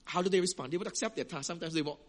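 Animated high-voiced male preacher. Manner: animated, acts out little scenes with quoted voices; emphatic, stretches key words slowly. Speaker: pastor. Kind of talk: sermon.

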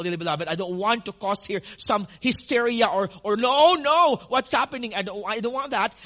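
A man's voice: high-pitched, fairly bright tone. A male pastor teaching a sermon in an earnest way, repeating words for emphasis with frequent ums and restarts.

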